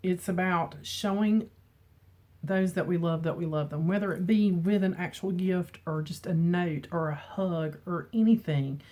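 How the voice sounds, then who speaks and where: A middle-aged woman talks casually to her camera at home, chatty and openly emotional, laughing easily. Her voice sits slightly low for a woman. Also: mellow. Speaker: beauty vlogger. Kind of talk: casual chat. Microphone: camera mic with ring light.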